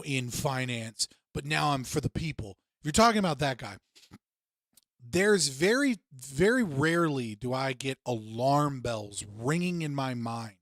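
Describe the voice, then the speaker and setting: A man's voice: fairly high pitch, fairly bright tone, no echo. A man hosting a livestream, reacting to clips with heated, sarcastic, profane commentary. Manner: heated, sarcastic, swears often.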